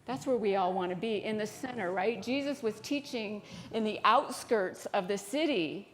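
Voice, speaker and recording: A woman with an American accent giving an informal sermon in a church, chatty and quick to laugh as she tells stories. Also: medium pitch, a little hiss or hum. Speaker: speaker at a spiritual center service. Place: church sanctuary.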